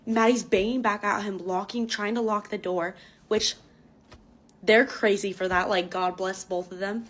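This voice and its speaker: A woman's voice: mid-range voice, fairly even intonation, moderate pace. Woman telling a profane storytime. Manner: profane, breathless retelling. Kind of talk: casual storytime.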